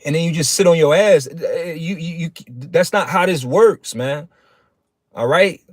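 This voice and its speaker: A man's voice: fairly high pitch, measured pace, no echo, clean studio sound. Man preaching in a street-casual style. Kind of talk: casual livestream sermon.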